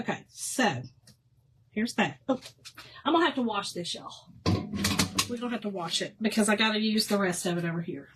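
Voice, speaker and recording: A woman chatting with live viewers while she works on a craft project, animated and quick to laugh, with soft near-whispered asides. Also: medium pitch, a little hiss or hum. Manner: chatty and animated, laughs often, calls viewers "y'all" and "girl". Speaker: livestream host doing a craft project.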